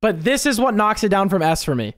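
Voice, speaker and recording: A music producer giving casual, emphatic reaction commentary, excitable and given to repeating words and swearing. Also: medium pitch, brisk, noisy background. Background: game chase music playing faintly.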